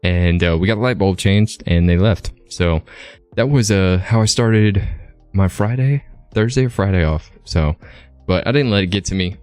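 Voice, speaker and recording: Deep-voiced man telling a rambling story. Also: normal speed, darkish tone, clean tone, no room sound, faint music behind. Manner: rambling, lots of fillers and tag questions. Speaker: streamer. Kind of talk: casual storytelling.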